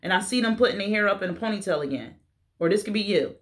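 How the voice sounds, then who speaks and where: A woman's voice: medium pitch, animated, fast. A woman doing a casual tarot reading, talking blunt and playful and swearing now and then. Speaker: tarot reader.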